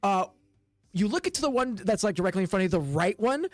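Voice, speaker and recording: A man's voice: high-pitched, lively intonation, quick pace, dry recording. A man running a tabletop game as game master, describing the scene casually with many fillers.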